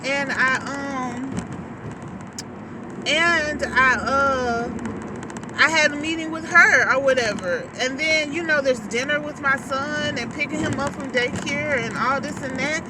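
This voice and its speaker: A woman's voice: sits high, a little slow. A woman on maternity leave chatting candidly in slangy, laughing casual talk from her car. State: new mother on maternity leave. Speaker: vlogger. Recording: distant mic, road noise. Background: car and road noise.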